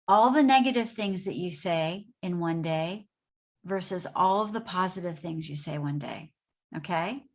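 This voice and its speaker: A woman's voice: medium pitch, fairly bright tone. A woman presenting an upbeat motivational business talk from her home, speaking conversationally and often checking in with "right?". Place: home office.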